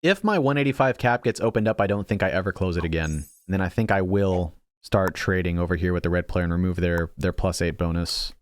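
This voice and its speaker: A young gaming channel host casually commentates his own strategy game, thinking out loud, teasing himself over misplays, and often restarting his sentences. His voice is deep and brisk, with hardly any pauses, and the recording is dry.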